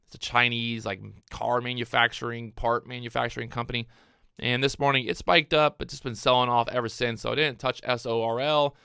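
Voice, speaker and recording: A man giving live day-trading commentary to his viewers, excitable and out of breath, repeating his phrases as he watches the charts. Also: medium pitch, a little fast, vocal fry, clean tone, dry recording, clean studio sound. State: out of breath, hyped up. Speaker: day trader streaming his trades.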